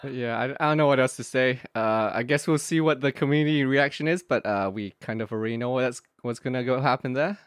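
A man's voice: mid-range voice, fast, hardly any pauses, clean tone, dry recording, studio quality. A man co-hosting a gaming podcast, talking in a laid-back, resigned way and chuckling often. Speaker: podcast co-host. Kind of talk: casual gaming podcast chat.

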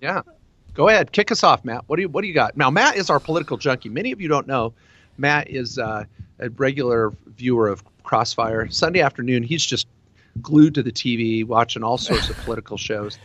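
A man co-hosting a tax and legal radio show, talking casually in an animated, rambling way with many fillers and restarts. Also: medium pitch, fairly quick, highs cut off.

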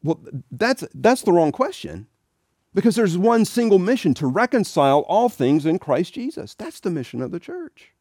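Male Catholic speaker with a sermon-style talk. His pitch swings widely, and he tells his stories in an animated way. Dry, close sound. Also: moderate pace, dry recording. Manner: animated storytelling with acted quotes.

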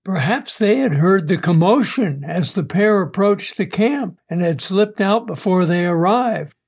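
Brief: male audiobook narrator, high voice, very unhurried. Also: expressive, darkish tone, husky. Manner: slow, measured first-person storytelling. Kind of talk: audiobook story reading.

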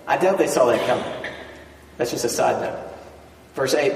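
A man's voice: medium pitch, moderate pace, vocal fry, pauses often, a little mellow. A man preaching a sermon, reading scripture aloud and breaking off for conversational asides. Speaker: pastor. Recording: echoey hall, mic at a distance.

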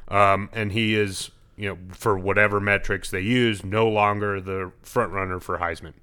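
Deeper voiced guy, chill and blunt, going over the sports news. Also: steady tone, moderate pace, bright, forceful tone, clean tone. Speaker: podcast co-host. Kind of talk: casual sports chat.

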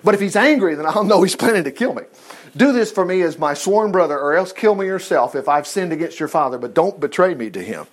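A man's voice: sits high, expressive, fast. A man reading as an anxious young fugitive. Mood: urgent. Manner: earnest, urgent pleading.

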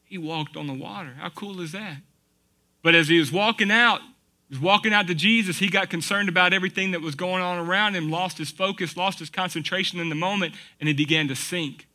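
Man, sermon, high voice, folksy, rhetorical questions. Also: a little fast, bright, forceful tone. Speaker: pastor.

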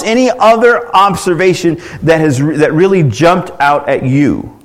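A man's voice: a little high, lively intonation, normal speed, hardly any pauses. A man pastor teaching a church class in an earnest, conversational way, asking the group questions and often restarting his words.

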